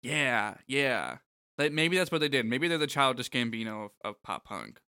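A man's voice: mid-range voice, animated, moderate pace, bright, forceful tone, smooth, dry recording, clean studio sound. A man co-hosting a casual music podcast, wry and sarcastic, swearing freely as he runs through band names. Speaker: podcast co-host. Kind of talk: casual chat.

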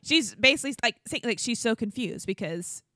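Animated woman co-host, dry close sound. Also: a little high, fairly quick, no room sound. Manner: animated, acts out quotes in exaggerated voices. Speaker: podcast co-host. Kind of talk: casual chat recapping reality TV.

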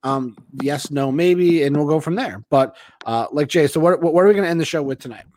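A man's voice: a little high, fairly quick, darkish tone. A man hosting a casual podcast, rambling with many restarts and trailing off. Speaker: podcast host.

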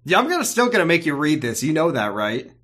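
A man's voice: a little high, big pitch swings, fast, a bit bright. A man co-hosting a casual podcast, rambling playfully and tripping over his own sentences. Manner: rambling, self-interrupting, playful. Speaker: podcast co-host.

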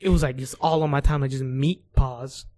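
A man's voice: mid-range voice, fairly even intonation, fairly quick, warm tone. A young man co-hosting a casual podcast, talking hesitantly with many fillers and restarts. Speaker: podcast co-host. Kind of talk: casual chat.

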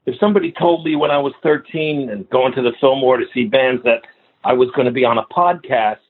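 A man in his later years, a guest musician telling animated stories with frequent laughs in a casual interview. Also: mid-range voice, fairly quick, slightly rough. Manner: animated storyteller, laughs often. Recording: tinny phone line.

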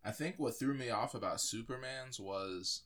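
A man's voice: medium pitch, normal speed, fairly bright tone. A man co-hosting a podcast, chatting casually about movies in a rambling way with lots of fillers. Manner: rambling, filler-heavy, restarts often. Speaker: podcast co-host.

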